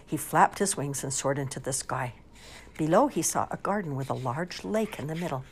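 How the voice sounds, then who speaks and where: A woman reading storybooks aloud in an expressive, lively storytelling manner. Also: deep voice, moderate pace, slight background noise. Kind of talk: animated storybook read-aloud.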